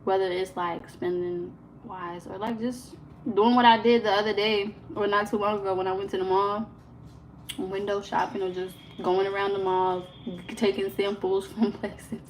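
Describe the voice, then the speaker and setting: Young woman, casual livestream host, animated and rambling, mid-range voice, faint background hum. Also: mid-range voice, normal speed, low-quality recording. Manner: chatty and animated, lots of "like" fillers, laughs often. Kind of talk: casual live-stream chat. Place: home kitchen.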